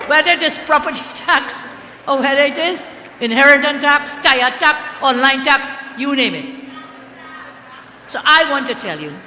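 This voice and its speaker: A woman's voice: high-pitched, expressive, normal speed, pushed and bright, slight background noise. An older woman giving a rousing campaign rally speech as a party leader, rhetorical and chanting slogans. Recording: echoey hall with crowd ambience.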